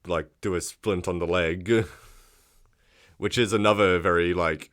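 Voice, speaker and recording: A man's voice: deep voice, fairly even intonation, measured pace, fairly bright tone. A man co-hosting a casual podcast who walks through film scenes and acts out quotes along the way. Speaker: podcast co-host. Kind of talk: casual chat.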